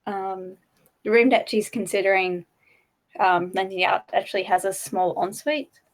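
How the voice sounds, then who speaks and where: A woman's voice: medium pitch, measured pace. A woman playing a tabletop game who describes what her character does, stopping often on ums. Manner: hesitant, with many ums. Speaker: player.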